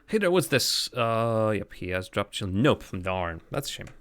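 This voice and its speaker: A man's voice: on the low side, big pitch swings, unhurried, fairly bright tone, clear, resonant tone. Rambling man streaming a game. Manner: thinks aloud, rambling with restarts. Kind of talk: casual live-stream commentary.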